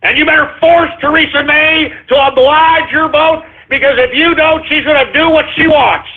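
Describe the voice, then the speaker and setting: A high-voiced man hosts a talk radio show, firing off a profane, exasperated rant that keeps jumping into shouts. The sound is thin and tinny, like it comes over a phone line. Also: steady tone, moderate pace. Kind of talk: ranting talk radio monologue.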